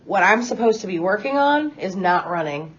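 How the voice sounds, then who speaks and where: A woman's voice: mid-range voice, animated, moderate pace, highs cut off. A woman student in a classroom discussion, talking candidly and casually and saying "like" a lot. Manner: candid, chatty, says "like" a lot.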